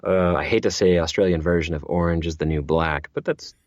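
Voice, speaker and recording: A man's voice: low-pitched, steady tone, a little fast, no room sound, lo-fi sound. A man who narrates audiobooks, chatting as an interview guest, rambling with many restarts and repeated words. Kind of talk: casual interview chat.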